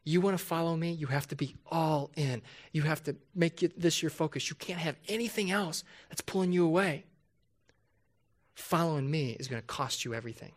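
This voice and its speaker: A man delivers a sermon in a slightly raised voice. He talks to the congregation like a conversation, asking rhetorical questions and slowing down to hammer home his main points. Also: a little high. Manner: emphatic, slows down to stress key points. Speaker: pastor.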